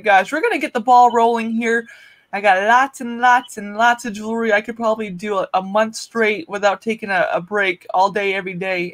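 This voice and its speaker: Chatty woman hosting a jewelry sale. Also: medium pitch. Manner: chatty, laughs often, greets viewers by name. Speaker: live jewelry auction host. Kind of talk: casual live-stream selling chat.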